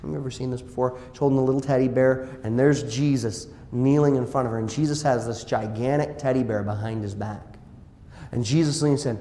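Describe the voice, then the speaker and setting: A male pastor preaching a sermon, dropping to quiet asides and rising to loud exclamations. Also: medium pitch, fairly even intonation, a little fast. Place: church sanctuary. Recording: echoey church hall.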